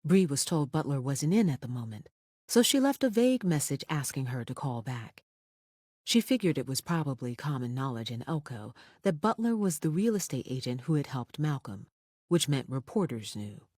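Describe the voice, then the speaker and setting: An audiobook narrator reading a thriller in a measured, expressive storytelling manner on a close studio mic. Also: mid-range voice, dry recording.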